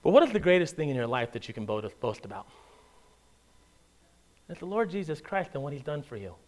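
A man preaching a sermon as pastor, talking in a lively, joking conversational way with many rhetorical questions, and reading scripture aloud in a measured tone. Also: fairly high pitch.

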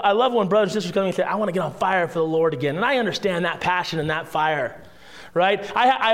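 A man preaching a sermon in a conversational way, asking rhetorical questions and dropping to a hushed voice for emphasis. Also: sits high. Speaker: pastor.

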